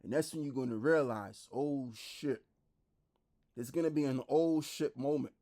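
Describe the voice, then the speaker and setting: A man preaching online, blunt and repetitive, who drops into a lower, quieter voice when he reads scripture aloud. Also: measured pace. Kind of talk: street-style preaching commentary.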